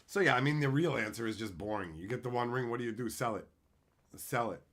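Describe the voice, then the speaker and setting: A man chatting casually with his livestream viewers, crude and joking, swearing freely as he tells animated bits. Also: mid-range voice, fast talker. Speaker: streamer answering chat.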